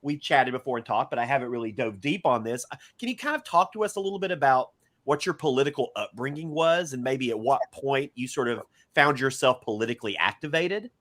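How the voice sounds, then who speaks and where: A man's voice: mid-range voice, expressive, a little fast, fairly bright tone. A man co-hosting a podcast, asking a guest questions in a hesitant way with many fillers. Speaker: podcast co-host. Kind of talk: interview questions.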